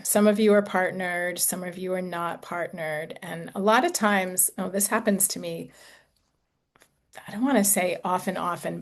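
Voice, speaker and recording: A woman in her sixties, an intimacy coach talking gently and reflectively to a group, with casual fillers. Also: on the low side. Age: 60s. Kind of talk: talk to a group.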